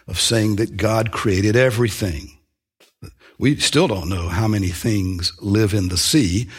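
Male preacher delivering a sermon, slightly husky, earnest, leans hard on key phrases. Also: on the low side. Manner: earnest, emphatic, with slow stressed phrases and small restarts.

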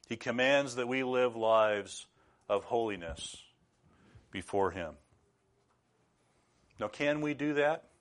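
A middle-aged man preaching a sermon in an earnest, measured way, now and then rising to loud bursts. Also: medium pitch.

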